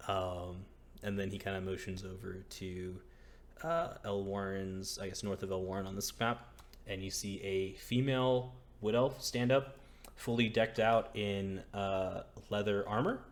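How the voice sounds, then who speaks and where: A man's voice: deep voice, fairly even intonation, measured pace. A man narrating as game master in a casual, hesitant way with many fillers.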